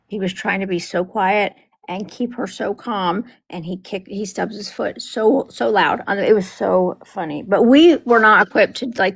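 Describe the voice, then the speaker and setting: A middle-aged grandmother chatting casually, telling lively family stories and acting out the voices of the people in them. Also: mid-range voice, gravelly. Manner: animated, acts out quotes in voices, laughs often. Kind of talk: casual storytelling chat.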